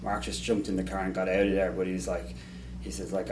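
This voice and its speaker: Man, lowish voice, casual story, echoey room, distant mic. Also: monotone, a little fast, darkish tone, a little hiss or hum. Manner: rambling, with many restarts and fillers. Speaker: colleague telling a farewell story. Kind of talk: casual anecdote.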